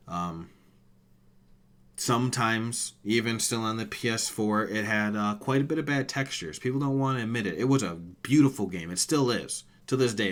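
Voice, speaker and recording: A man in his thirties co-hosting a casual gaming podcast, emotional and swearing often. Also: fairly low pitch. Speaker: podcast co-host.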